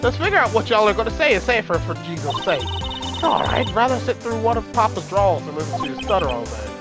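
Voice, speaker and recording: Loud twangy southern lady a woman putting her on, big swoopy voice, game music blasting behind. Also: medium pitch, very animated, fast, pitched above the performer's own voice, lightly acted. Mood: irritated. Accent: put-on American Southern drawl. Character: loud brash Southern woman photographer, feisty. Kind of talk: reading game dialogue aloud.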